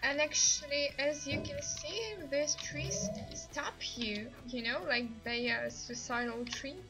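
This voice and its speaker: Excitable woman streaming a game. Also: high-pitched, a little slow, over music, poor audio. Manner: excitable, laughs often, non-native grammar. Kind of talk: live stream gameplay commentary.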